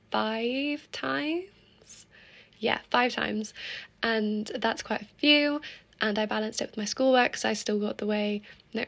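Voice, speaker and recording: A woman's voice: fairly high pitch, gravelly. A teenage girl hosting her own podcast, chatting casually and upbeat with frequent laughs. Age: teens. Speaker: podcast host. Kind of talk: casual solo podcast chat.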